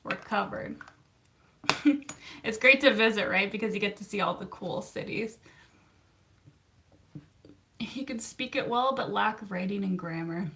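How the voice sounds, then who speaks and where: A therapist, chatting casually on a livestream and answering viewer comments with frequent laughs. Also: female voice, mid-range voice, measured pace, pauses often, bright, forceful tone, a little hiss or hum. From Canada. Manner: chatty and upbeat, laughs often, self-teasing.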